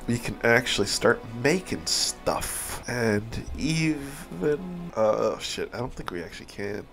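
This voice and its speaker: A man giving casual, rambling commentary on a strategy game he is playing, swearing and laughing often. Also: mid-range voice. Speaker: video game streamer. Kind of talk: casual let's-play commentary.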